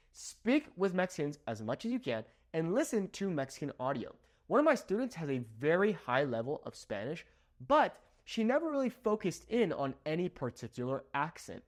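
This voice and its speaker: Animated young man teaching Spanish. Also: fairly high pitch. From Southern California. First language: English. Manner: checks in with "okay?" after nearly every point. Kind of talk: lively language lesson.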